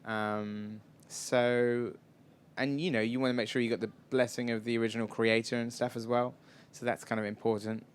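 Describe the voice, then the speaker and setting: Chatty man with a smooth voice. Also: mid-range voice, level tone, moderate pace. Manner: chatty, rambling, self-deprecating. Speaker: filmmaker guest. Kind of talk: casual live Q&A answers. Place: live audience event in a shop.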